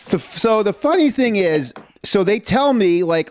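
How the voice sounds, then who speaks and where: A man co-hosting a casual podcast, telling stories in an animated, jokey way and acting out what people said. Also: sits high, normal speed, few pauses, clean tone. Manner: animated storyteller, jokey, acts out quotes. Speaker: podcast co-host. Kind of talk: casual chat.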